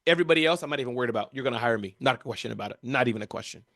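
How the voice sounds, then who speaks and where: An energetic American man giving animated interview answers as a keynote speaker, often addressing the interviewer by name. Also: medium pitch, rapid-fire, no echo, clean studio sound.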